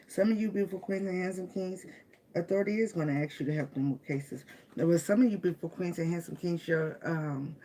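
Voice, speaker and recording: A woman's voice: on the low side, darkish tone, slight background noise. A woman with giving a casual tarot reading. She speaks with emotion, laughs often and repeats phrases. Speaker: tarot reader.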